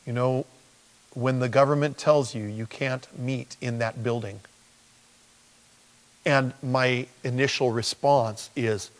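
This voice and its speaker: A man preaching a sermon as pastor, animated and acting out quotes in lively voices. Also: medium pitch, slow pace, long pauses. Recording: long hall reverb.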